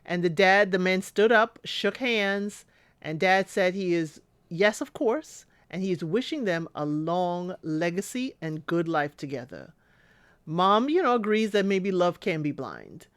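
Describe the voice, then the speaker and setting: A woman's voice: fairly low pitch, big pitch swings, a little slow, no echo. A woman recapping a reality show in casual commentary, chatty and talking back to the people she describes. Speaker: recap host.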